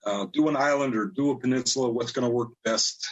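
A man's voice: mid-range voice, fast talker, dull audio. A middle-aged man, a cabinet designer, talking as a guest in a friendly, easygoing way with many fillers. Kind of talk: casual interview talk.

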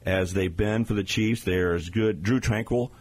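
A man in studio breaks down football play by play with firm emphasis. His voice sits low and carries a husky grain. He speaks as a guest analyst on sports radio. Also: moderate pace. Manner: emphatic, explanatory.

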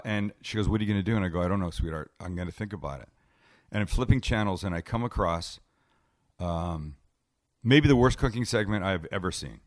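Middle-aged man, casual animated storyteller, mid-pitched voice, acts out dialogue. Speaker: podcast guest, TV cooking host. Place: home living room.

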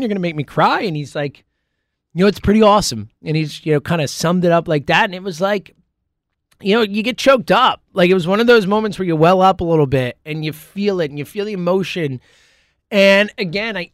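A man hosting a sports talk show in a casual solo monologue, rambling and excitable, full of fillers and restarts. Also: high voice, no room sound, clean studio sound. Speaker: sports podcast host.

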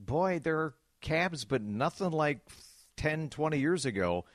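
Bantering male radio host, lively pitch. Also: a little slow, dry recording, studio quality. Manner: playful, bantering. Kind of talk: casual radio chat.

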